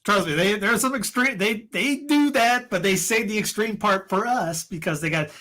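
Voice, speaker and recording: A podcast co-host with a high, expressive voice talks at a moderate pace in a bright, forceful tone. His casual opinion chat is rambling and heated, full of restarts and fillers.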